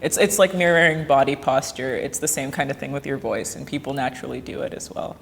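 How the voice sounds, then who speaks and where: A Canadian-raised woman talking in a lively, laughing way in an interview, explaining her ideas. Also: a bass voice, fast, vocal fry, in a large hall, a little hiss or hum. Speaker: actor.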